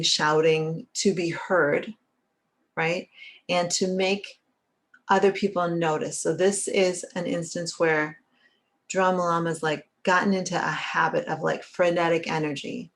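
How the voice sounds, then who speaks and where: A middle-aged woman therapist talking in a conversational, earnest way, often checking in with "right?". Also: fairly low pitch. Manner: earnest, often asks "right?" and acts out little quotes. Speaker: licensed therapist and author. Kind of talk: conversational teaching talk.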